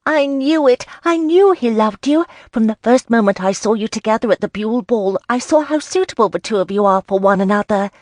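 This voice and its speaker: A woman voicing an excitable, playful young Regency lady in an audiobook, eager and quick to squeal with delight. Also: mid-range voice, no echo, clean studio sound, voice pushed up, close to an everyday voice. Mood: excited. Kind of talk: audiobook character voice.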